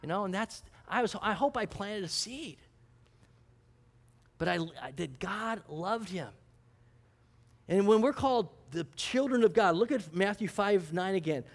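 A man's voice: high-pitched, expressive, measured pace, long pauses. A man, a pastor, giving a conversational sermon, asking rhetorical questions and telling stories with a chuckle. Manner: asks rhetorical questions and answers them; storytelling, chuckling, self-deprecating.

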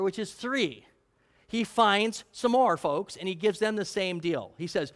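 Rich: A male preacher with a high, animated voice that leaps up and down. He talks through his sermon casually and keeps quizzing the congregation. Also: takes it slowly. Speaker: pastor.

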